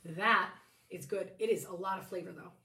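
A woman co-hosting a casual beer-tasting show, chatty and giggly with soft asides. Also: lowish voice, normal speed. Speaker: podcast co-host. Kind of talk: casual chat. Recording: echoey room, mic at a distance, faint hiss.

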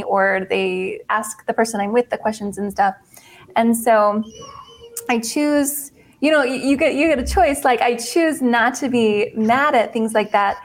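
Guest, female, 30s, slightly high voice, upbeat and candid, restarts often. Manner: upbeat, candid, speaks in quick bursts with trailing restarts. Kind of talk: casual interview conversation.

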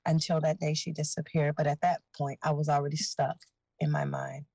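A woman with a lowish voice tells her own story to an interviewer, earnest and unhurried. The sound is dry and close, with no room around her. She speaks plainly and openly as she recounts each step. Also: creaky, no echo, poor audio. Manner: earnest, animated retelling, voicing others in dialogue. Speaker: guest.

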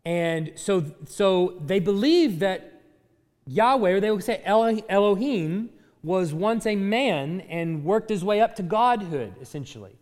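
Animated male teacher, high lively voice. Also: measured pace. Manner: animated, chuckling, frequent restarts. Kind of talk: class lecture. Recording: hall reverb.

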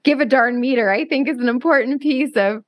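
A woman's voice: high-pitched, fairly quick, no room sound. A woman hosting a podcast interview, reflecting in a thinking-aloud way. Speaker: podcast host.

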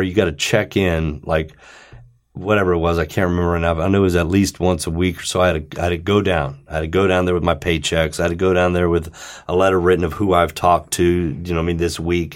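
A man's voice: low-pitched, steady tone, quick pace. A man, a former client, telling a rambling story in casual talk and acting out both sides of the phone calls.

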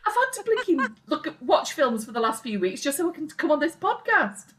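Woman with a higher voice. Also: sing-song, a little fast. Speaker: podcast co-host. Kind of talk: casual chat.

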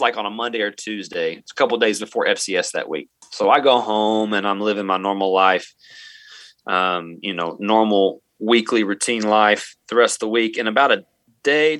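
Speaking as an interview guest, a male middle school math teacher shares a story earnestly in a bright, lowish voice. He keeps restarting and filling pauses as he goes, with no room sound captured.

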